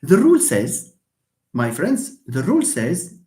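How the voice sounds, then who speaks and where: A man's voice: on the high side, wildly swooping pitch, a little slow, mellow, roomy sound. A man teaching English pronunciation in a live online lesson, stressing words and repeating them for emphasis.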